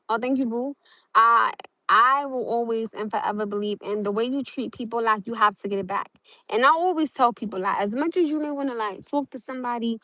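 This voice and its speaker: A woman's voice: a little high, bright, forceful tone, no room sound, rough recording. A young woman chatting casually to her livestream viewers outdoors on a phone, full of fillers and calling them y'all. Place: outdoors in hot sun near water.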